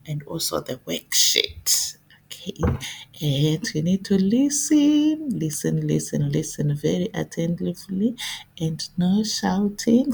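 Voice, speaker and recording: Lady teacher doing phonics with little kids, real slow, kinda gravelly, lowish voice. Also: dark tone. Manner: slow, clear teacher voice, repeating sounds for kids to copy. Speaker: English teacher. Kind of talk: phonics lesson for young children.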